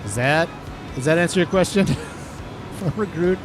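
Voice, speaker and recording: A man's voice: on the high side, measured pace, music in the background. A man casually commentating his farming game on a live stream, reading chat and rambling through asides. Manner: chatty, reads chat aloud, rambling asides.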